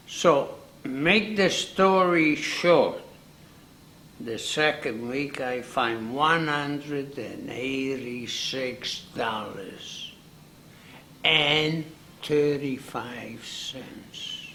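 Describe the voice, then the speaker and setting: A man, telling an unhurried, folksy story from his working life in an interview. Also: mid-range voice, sharp tone, slight background noise. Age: 90s. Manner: unhurried, repeats himself, folksy phrasing. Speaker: interviewee, accordion builder. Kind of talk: reminiscing storytelling.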